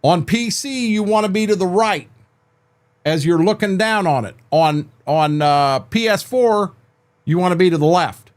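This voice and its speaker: A man's voice: sits high, unhurried. Rambling older man streaming a farming game. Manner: rambling, repeats and restarts words, talks to chat by name. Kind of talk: casual livestream chat with viewers. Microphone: desk microphone.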